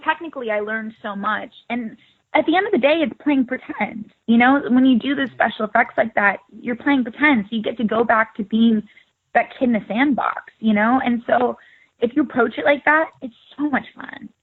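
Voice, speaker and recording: A woman's voice: on the high side, normal speed, breathy edge. A young woman in her twenties, an actress guest in a casual interview, talking in a chatty, upbeat way and laughing easily. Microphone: phone. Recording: tinny phone line.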